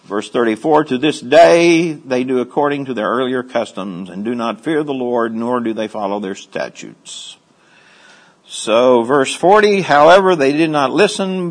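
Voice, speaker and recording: Animated man teaching a Bible study. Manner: animated, swings from low asides to high excited storytelling.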